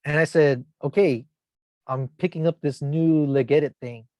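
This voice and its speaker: A man who teaches middle school tells a long story on a podcast, slipping into his students' voices as he goes. His voice sits a little high for a man and is recorded close and dry, with no room sound around it. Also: steady tone, normal speed, darkish tone, no echo. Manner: rambling anecdotes, acts out quoted kids with shifts in tone. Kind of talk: casual chat, storytelling.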